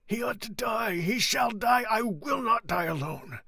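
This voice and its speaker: A man voicing a desperate condemned prisoner who shouts and pleads frantically in a storybook reading. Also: high voice, expressive, a little slow, creaky, slightly rough, no echo, studio quality, pitched above the performer's own voice, heavily acted. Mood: raving.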